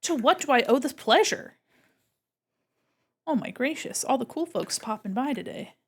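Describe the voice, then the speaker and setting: A woman's voice: high voice, lively intonation, normal speed, slightly rough. A woman streamer chatting casually while she draws. She is bubbly, greets her chat and exclaims often.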